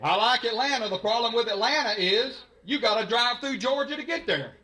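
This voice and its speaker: A man's voice: extremely high pitch, lively intonation, brisk, bright, forceful tone. A man from Alabama with a Southern accent doing a folksy stand-up comedy set, drawling and playful with the crowd at a live show. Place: live show at a college venue. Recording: live stage mic with crowd noise.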